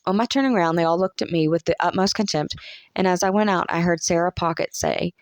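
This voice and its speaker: A narrator with a Southern US accent, reading a classic novel aloud in a measured, even storytelling manner. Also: medium pitch, no echo. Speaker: audiobook narrator.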